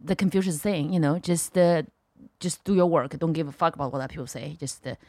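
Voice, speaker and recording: A woman's voice: low voice, quick pace, warm tone, dry recording, studio quality. A middle-aged woman with a Chinese accent, speaking bluntly in broken English as a comedian guest on a podcast. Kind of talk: casual podcast chat.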